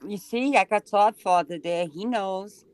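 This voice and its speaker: Give me a woman ribbing her co-host in casual chat, in a mid-range voice. She is teasing and quick to needle him. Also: mid-range voice, clean tone.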